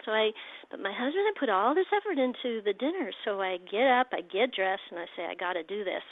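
A woman guest telling personal stories in an animated, emotional way. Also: on the high side, fairly quick. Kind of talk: storytelling chat. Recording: tinny phone-like line.

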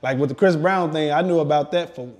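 Laid-back man, slightly high voice. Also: fast. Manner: relaxed, rambling, heavy use of "like". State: talking around brand-new dental work. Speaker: interview guest. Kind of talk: casual chat.

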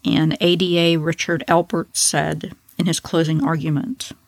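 A woman's voice: low voice, level tone, a little slow, no echo. A woman hosting a true crime podcast, telling a case in a casual, blunt, opinionated way with profane asides.

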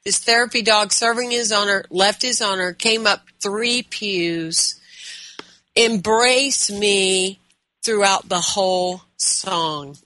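Bright-voiced woman interview host. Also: medium pitch, slow pace, no room sound. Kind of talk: conversational interview.

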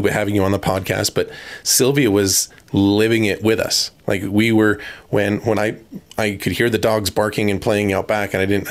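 A man hosting a podcast, speaking thoughtfully and haltingly with frequent restarts as he reflects. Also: fairly low pitch. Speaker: podcast host. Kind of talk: conversational interview.

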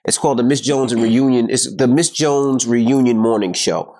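A man's voice: medium pitch, moderate pace, mellow. A middle-aged man hosting a podcast, chatting casually in joking, boastful banter. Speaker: podcast host. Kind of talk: casual chat.

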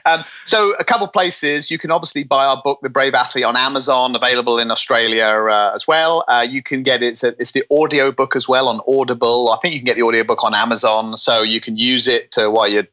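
A man's voice: medium pitch, quick pace, few pauses, pushed and bright. A man with an English accent, a sports psychologist guest, chatting casually in an interview, self-deprecating and salty, with frequent restarts.

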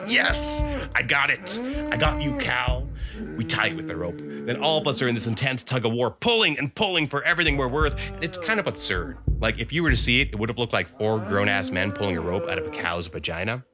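A man performs a comic personal story, his pitch leaping around with lively expression. He moves between quiet, hushed stretches and big emphatic bursts, with music clearly playing behind him. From Canada. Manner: dramatic, swings from hushed to emphatic.

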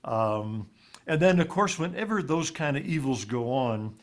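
A man of middle pitch telling a painful personal story as an interview guest. He speaks haltingly and often repeats words, and his voice sinks low and quiet on the hardest parts. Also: lively intonation. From raised in Ivory Coast.

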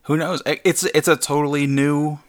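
A man's voice: on the high side, fairly even intonation, normal speed. Hesitant, chuckling man guest. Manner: hesitant, laughing, lots of fillers. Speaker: podcast guest. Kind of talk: casual chat.

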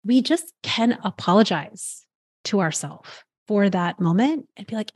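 A woman's voice: mid-range voice, expressive, a little slow, a little mellow. A woman who hosts a coaching podcast, talking in an earnest, encouraging way and often murmuring agreement. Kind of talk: conversational coaching talk.

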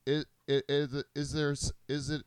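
A middle-aged man hosting a crude casual podcast chat, rambling and halting with many fillers and restarts. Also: on the high side, little pitch movement, slight background noise. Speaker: podcast host.

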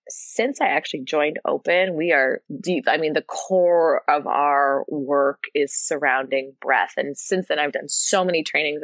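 A woman's voice: fairly low pitch, no room sound. A woman in her thirties, a yoga teacher and podcast guest, telling stories in earnest and drawing out key words. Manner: earnest and animated storytelling, draws out key words. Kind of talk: casual podcast conversation.

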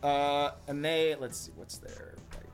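A man's voice: a little high, level tone, measured pace. A young man running a tabletop game as game master, casual and hesitant with lots of ums and self-corrections. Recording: faint background music.

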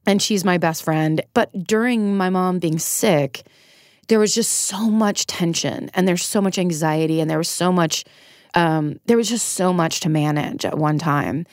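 Middle-aged woman, interview guest; candid and self-deprecating, laughs easily, lowish voice, dry close sound. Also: measured pace, darkish tone, no room sound. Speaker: podcast guest. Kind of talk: casual interview conversation.

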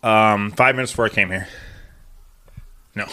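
A man's voice: fairly low pitch, steady tone, normal speed, pushed and bright. A man co-hosting a podcast, chatting crudely and joking while eating hot wings. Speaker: podcast co-host. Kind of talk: casual chat.

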